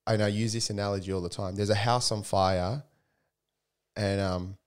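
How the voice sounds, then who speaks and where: A young man co-hosting a podcast, rambling through animated stories in casual, profane chat. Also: on the low side, normal speed, clean tone. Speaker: podcast co-host.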